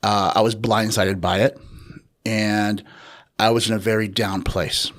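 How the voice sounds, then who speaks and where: A man telling his personal story as an interview guest, in a reflective, unhurried way with pauses and fillers. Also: on the low side, little pitch movement, fairly bright tone. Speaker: interview guest, author and researcher.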